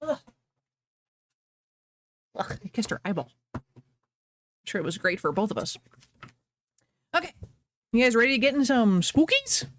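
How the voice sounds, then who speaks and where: A woman's voice: fairly high pitch, very animated, a little slow, long pauses, fairly bright tone, a little hiss or hum. Bubbly rambling woman streamer. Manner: bubbly, rambling and self-deprecating. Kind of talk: casual live-stream chat. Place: home office.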